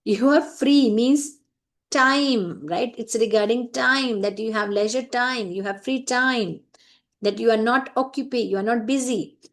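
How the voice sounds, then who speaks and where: A woman's voice: on the high side, measured pace, a bit bright. Indian english lady teaching french letter writing, patient, keeps checking "right?". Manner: patient, repeats points, many "right?" checks. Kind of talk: explaining a French writing lesson.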